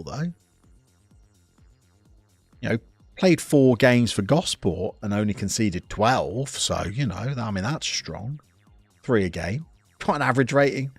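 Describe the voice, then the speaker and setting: Playing a football management game on stream, this man chats away casually, reads out chat messages and keeps cutting himself off. His voice is mid-range and slightly rough, with no room sound on the recording.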